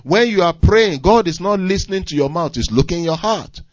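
A man preaching a sermon, moving from near-hushed lines to shouted emphasis, with repetitive, emphatic phrasing. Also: sits high, expressive, fairly quick, no echo, muffled recording.

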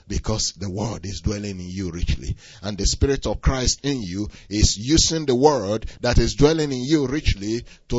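A man preaching a sermon, swinging from quiet asides to loud, rising exhortation. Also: medium pitch, slightly rough, no echo. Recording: dull, slightly lo-fi dry recording.

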